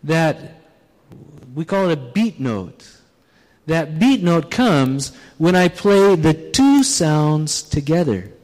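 A man's voice: on the high side, big pitch swings, takes it slowly, a little mellow. A man preaching a sermon, illustrating his points with demonstrations and putting questions to the audience. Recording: long reverb of a large hall.

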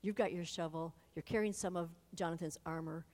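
A woman retelling a Bible story to an adult audience, animated and speaking straight to her listeners. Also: lowish voice, fairly quick. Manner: animated, addresses listeners directly. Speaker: Bible teacher. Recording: long hall reverb.

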